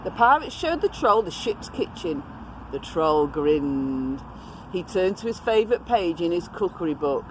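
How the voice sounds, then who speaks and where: A woman reads a picture book aloud to children in a slow, gentle way, pausing to ask them questions. Her voice rises and falls very expressively. Faint traffic noise carries from outside. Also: lowish voice, sing-song. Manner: gentle, addresses children directly. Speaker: storyteller reading to children. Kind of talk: expressive storytime reading.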